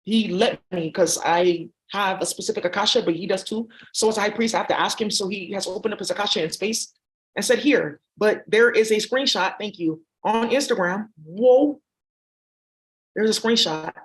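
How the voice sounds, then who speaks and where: A woman's voice: mid-range voice, a little fast. A woman vlogger talking in a rambling, profane monologue that jumps between topics.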